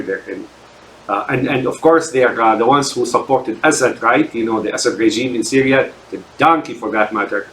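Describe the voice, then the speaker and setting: A man's voice: mid-range voice, roomy sound, slight background noise, low-quality recording. A man delivering an unscripted solo rant as a commentator, speaking in emphatic sweeping declarations and stumbling over many fillers and repeated words. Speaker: political commentator.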